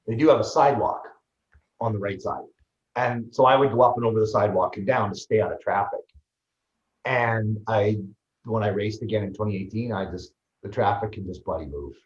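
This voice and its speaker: A man, a guest on an interview show, telling his story in a lively, fast way with many restarts. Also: fairly low pitch. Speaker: guest, ultraman athlete and trainer. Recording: roomy, slightly dull sound.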